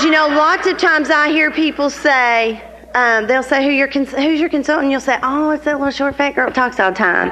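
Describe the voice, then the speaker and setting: A woman's voice: on the high side, fairly bright tone, in a large hall, slight background noise, low-quality recording. A woman sales consultant sharing how she runs her class, chatty and earnest as she speaks directly to her listeners. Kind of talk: sharing a practice with a group.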